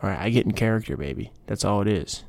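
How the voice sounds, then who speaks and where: A young man hosts his own podcast, telling rambling stories and slipping into quoted voices. His voice sits low with a gravelly edge, and the sound is dry and close to the mic. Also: fairly even intonation, fast talker, darkish tone, no echo. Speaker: podcast host. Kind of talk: casual solo podcast chat.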